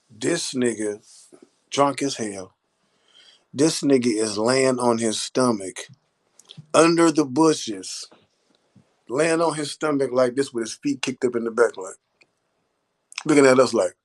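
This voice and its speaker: A man recounting a wild night in a loose, unhurried way, swearing freely and chuckling through it. His voice sits at an average pitch for a man. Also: darkish tone. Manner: laid-back, profane, laughing. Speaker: storyteller. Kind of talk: casual storytelling.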